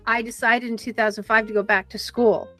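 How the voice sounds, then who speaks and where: A woman in her fifties, a podcast guest telling stories in an animated, conversational way. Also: fairly high pitch, brisk, faint music behind. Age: 50s. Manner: animated storyteller who acts out the voices in her anecdotes. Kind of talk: conversational storytelling interview.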